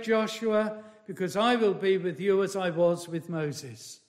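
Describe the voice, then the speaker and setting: A high-pitched man preaches slowly and emphatically, repeating key phrases as he moves between loud declarations and hushed asides.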